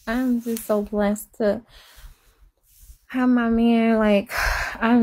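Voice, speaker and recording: A woman chatting casually and confessionally, rambling and repeating herself, sometimes dropping to a hush. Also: fairly high pitch, flat delivery, drawn-out words, pauses often. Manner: rambling, repeats herself, soft and hushed at times. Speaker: live-stream chatter.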